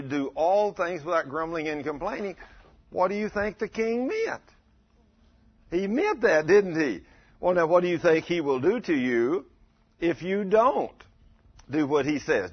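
A man's voice: on the high side, slightly rough, muffled recording. A man preaching a sermon, telling a story in a folksy way and asking the congregation questions. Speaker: pastor.

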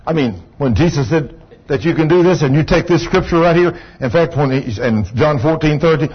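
A man's voice: on the high side, brisk, breathy edge. A man preaching a sermon in a fervent, folksy storytelling way. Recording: dull lo-fi recording. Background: congregation saying amen.

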